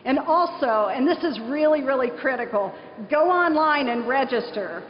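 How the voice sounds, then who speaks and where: A middle-aged woman from southern Ohio delivers an earnest, story-driven keynote at a conference. Her voice sits a little high and rings out in a large echoing hall. The recording is muffled, with a faint hiss underneath. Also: lively intonation, normal speed. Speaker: nonprofit leader giving a conference speech. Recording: echoey hall, dull lo-fi sound, faint hiss.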